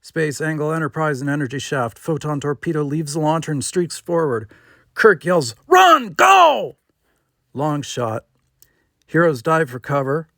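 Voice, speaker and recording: A man reading screenplay stage directions aloud in a plain, steady manner. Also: fairly high pitch, normal speed, no room sound, studio quality. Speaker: script reader.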